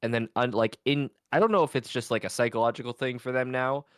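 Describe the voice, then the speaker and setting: A man's voice: medium pitch, fairly even intonation, fast talker, clean tone, dry recording. A young man co-hosting a podcast while stuffed up with a cold, trading playful, dry banter about teaching middle schoolers. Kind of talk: casual chat.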